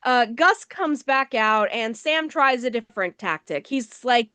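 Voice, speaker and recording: A woman's voice: on the high side, animated, measured pace, few pauses, pushed and bright, clear, resonant tone, no echo. A woman co-hosting a movie review show, recapping the plot in a casual, wry, sarcastic way. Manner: sarcastic, wry, swears offhandedly.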